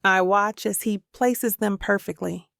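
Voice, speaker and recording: Woman narrating a romance audiobook, gravelly. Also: mid-range voice, steady tone, measured pace, a bit bright, no echo, clean studio sound. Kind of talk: scripted romance narration, first person.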